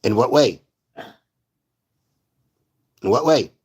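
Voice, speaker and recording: A man's voice: mid-range voice, animated, slow, darkish tone, husky. A man teaching a Torah class in a synagogue. He explains step by step, repeats rhetorical questions, and weaves Hebrew verse quotations into plain talk. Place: synagogue study hall.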